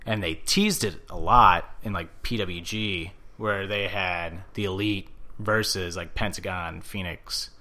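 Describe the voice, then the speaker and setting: Brief: male co-host, casual chat, excitable, bright forceful voice. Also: sits low, unhurried. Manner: excitable, acts out quotes loudly.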